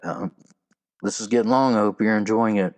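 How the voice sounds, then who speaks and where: A man's voice: lowish voice, brisk, a little mellow. A man hosting a solo podcast, sharing trivia and jokes in a folksy, casual way. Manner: folksy, joking delivery with trivia. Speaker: podcast host.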